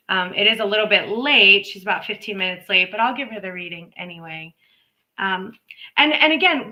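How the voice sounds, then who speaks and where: A woman's voice: mid-range voice, pushed and bright, rough recording. A woman hosting a live intuitive reading stream, talking in a chatty, rambling way with playful asides. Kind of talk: casual live-stream talk. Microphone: live stream microphone.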